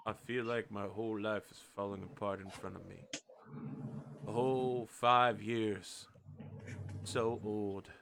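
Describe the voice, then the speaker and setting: A man's voice: fairly low pitch, fairly even intonation, unhurried, creaky, pauses often, background noise. A man voicing an old male rabbit elder who rambles fussily in a tabletop game. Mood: fretful. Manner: rambling, fretful monologue.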